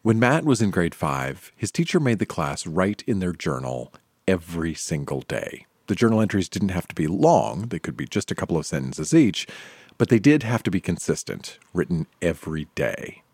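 Male host, deep lively voice, dry studio narration. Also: normal speed, husky, dry recording. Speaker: podcast host. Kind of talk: scripted narration.

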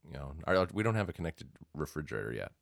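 A man's voice: very deep voice, sing-song, quick pace, gravelly, no room sound, studio quality. A man co-hosting a podcast, chatting casually and rambling, often restarting his sentences. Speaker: podcast co-host. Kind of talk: casual chat.

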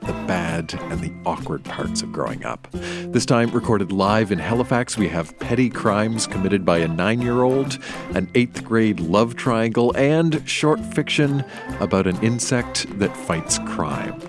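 Lively male host narrating over music. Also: lowish voice, unhurried. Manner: lively, storytelling delivery. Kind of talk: scripted narration. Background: background music.

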